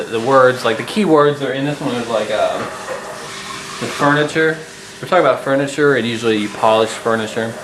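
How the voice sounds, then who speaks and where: A man giving a casual home-made English lesson, talking loosely with many fillers and restarts, and slowing down to read his example sentences aloud. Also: medium pitch. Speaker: English teacher. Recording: echoey room with clear kitchen noise.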